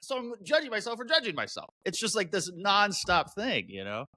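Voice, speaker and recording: A man speaking as an interview guest, candid and animated, often jumping high in pitch when he acts out what he or others said. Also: a little fast, no echo. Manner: animated, expressive, jumps into high pitch for quoted voices. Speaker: guest, mental health advocate.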